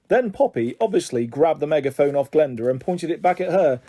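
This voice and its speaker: A man reads a children's book aloud, his voice warm and mellow. His pitch sits fairly high and moves a lot, and he jumps up higher still when he voices the characters. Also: expressive, a little fast. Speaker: storyteller.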